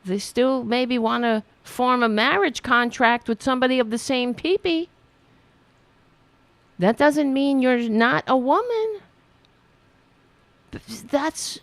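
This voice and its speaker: A woman's voice: on the high side, big pitch swings, a little slow, dry recording. A woman host ranting about politics, sarcastic and profane, mocking commenters. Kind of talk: angry political rant.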